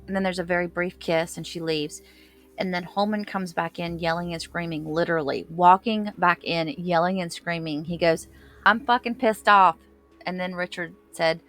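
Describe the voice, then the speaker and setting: A woman's voice: on the low side, fairly bright tone. A woman casually recapping a courtroom video, retelling quoted exchanges with rising intensity and plenty of fillers. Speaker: commentator retelling courtroom testimony.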